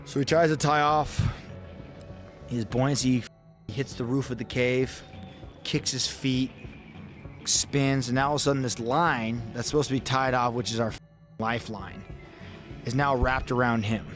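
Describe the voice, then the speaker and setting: A man's voice: mid-range voice, fairly even intonation, unhurried, long pauses, a bit bright, soft background music. Man telling a story, swearing freely. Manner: vivid, acts out his own inner thoughts. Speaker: podcast guest. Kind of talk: casual storytelling.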